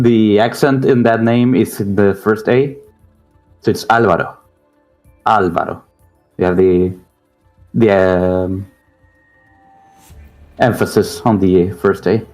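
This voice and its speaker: A man's voice: on the low side, darkish tone. A man from Argentina, chatting hesitantly and wryly as a stream co-host. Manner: scattered, hesitant, wry. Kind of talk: casual stream chat.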